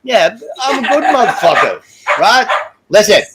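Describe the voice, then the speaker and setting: A middle-aged Australian man hosting a casual livestream, loud and brash and swearing freely. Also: high voice, very animated, unhurried, very noisy. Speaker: stream host.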